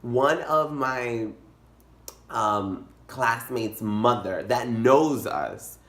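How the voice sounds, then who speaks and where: A young man telling a comic story in a vlog, animated and dramatic, jumping into high squeals. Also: very slow. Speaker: vlogger. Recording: echoey room.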